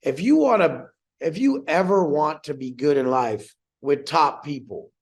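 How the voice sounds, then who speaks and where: A man's voice: on the high side, lively intonation, unhurried, echoey room, rough recording. A young man hosting a group coaching call, brash and swearing, acting out the voices of people he quotes.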